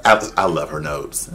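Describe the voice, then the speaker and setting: Animated man reacting, lively pitch. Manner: animated, exclaims and mimics voices. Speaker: drag reaction vlogger. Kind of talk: casual reaction commentary.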